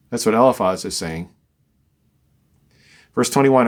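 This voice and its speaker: A man's voice: fairly high pitch, moderate pace. A man teaching a verse-by-verse Bible study, reading scripture and explaining it conversationally with dry, wry asides.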